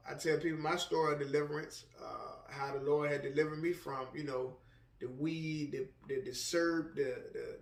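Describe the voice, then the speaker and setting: Casting note: man from Richmond, high voice, preacher sharing testimony in loose slang, roomy distant recording. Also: a bit bright. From Richmond, Virginia. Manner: slangy, conversational, many "you know what I'm saying". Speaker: author and speaker, minister. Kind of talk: casual motivational testimony. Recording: roomy, somewhat distant mic.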